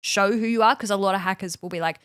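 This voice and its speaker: A woman co-hosting a podcast in casual conversation, telling a story with plenty of fillers and quick acted-out quotes. Her voice sits at an ordinary pitch and sounds close and dry, with no room around it. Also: fairly bright tone, clean tone, no room sound. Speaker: podcast co-host. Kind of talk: casual chat, recounting events.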